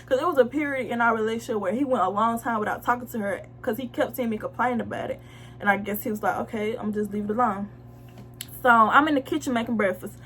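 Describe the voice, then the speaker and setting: A young woman blunt, slangy and animated as she tells viewers a personal story in a casual storytime vlog. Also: a little high, fast talker, slight background noise. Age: young adult. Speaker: vlogger telling a story.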